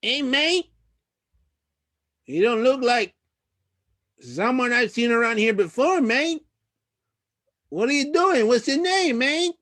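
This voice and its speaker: A man voicing a rowdy street thug who guards a stairway, in a shrill, shouting voice, for an improvised comedy bit. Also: animated, slow, pauses often, no echo, clean studio sound, full character voice. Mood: menacing. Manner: shrill, shouty, calls everyone mate. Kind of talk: improvised comedy role-play.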